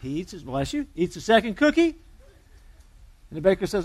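High-voiced joking man preaching. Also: big pitch swings, fast talker, pauses often, breathy edge, dry recording. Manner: conversational, joking storyteller. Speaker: pastor. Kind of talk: sermon with storytelling.

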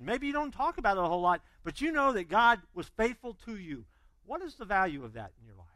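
A male pastor preaching in a high, bright voice that swings widely in pitch. He tells stories with animation and acts out each quote. The sound is dry and close. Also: dry recording, poor audio. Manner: animated storytelling, acting out quotes; drops to quiet intensity. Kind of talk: sermon.

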